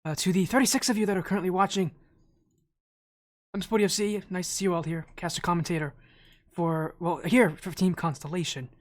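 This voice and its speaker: A man's voice: high voice, steady tone, a little fast. A man streaming as an esports caster, chatting casually with viewers, slightly out of breath, rambling with restarts. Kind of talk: casual live-stream chat.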